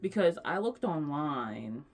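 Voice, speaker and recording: Young woman vlogger, low voice, rambling, chatty, affectionate. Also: big pitch swings, takes it slowly. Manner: rambling, chatty, lots of fillers and restarts; gushing, affectionate. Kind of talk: casual chat.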